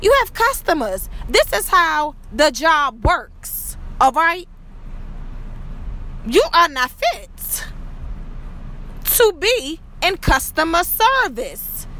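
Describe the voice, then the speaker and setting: A woman's voice: high-pitched, big pitch swings, extremely slow, pushed and bright. A woman delivering a scolding monologue rant, peppered with profanity and repeated questions.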